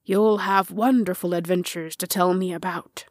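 Woman voicing a fatherly male farmer, soft and low, storybook reading. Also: steady tone, normal speed, no echo, clean studio sound, close to an everyday voice. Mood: warm. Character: kind adult male farmer, calm and caring.

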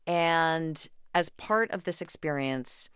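A woman interviewing a guest on public radio, relaxed and conversational with playful asides. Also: sits low, slow, clean tone, no room sound, studio quality. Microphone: studio microphone.

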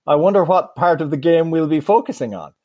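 A man's voice: a little high, expressive, fairly quick, darkish tone, no echo. Wry, exasperated male podcast co-host. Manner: wry, exasperated, hesitant fillers. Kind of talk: casual podcast chat.

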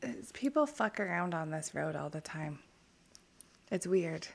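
A woman's voice: on the low side, animated, unhurried, vocal fry. A woman in casual chat, telling stories frankly and swearing freely.

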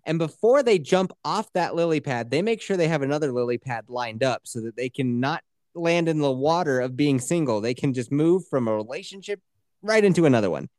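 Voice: medium pitch, animated, brisk, darkish tone, no echo, clean studio sound. A blunt, teasing podcast co-host who swears freely in casual chat.

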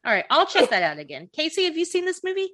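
Lively, laughing woman podcast host. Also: very high-pitched, quick pace, no room sound. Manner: animated, laughing often, blunt. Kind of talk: casual chat.

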